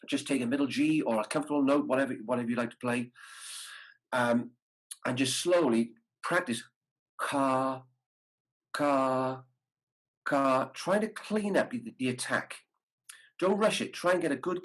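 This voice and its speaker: A man's voice: medium pitch, slightly rough, poor audio. A man teaching a brass masterclass over a video call, explaining tonguing patiently and sounding out practice syllables. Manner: demonstrates articulation syllables aloud. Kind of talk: masterclass instruction.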